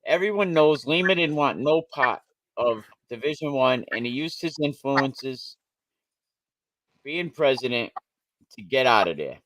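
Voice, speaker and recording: A man talks high school sports in a blunt, opinionated way, circling back over his points. His voice sits at an everyday pitch. The sound is dry and close, with no room around it. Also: expressive, unhurried, a bit bright, no room sound. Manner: blunt, opinionated, repeats himself. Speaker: show host. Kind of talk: casual sports talk.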